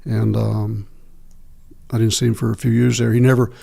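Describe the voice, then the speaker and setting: A middle-aged man from Texas, a podcast guest telling stories from his life in a halting way, with many pauses and restarts. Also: fairly low pitch, little pitch movement, creaky, mellow, breathy edge. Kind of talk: candid interview storytelling.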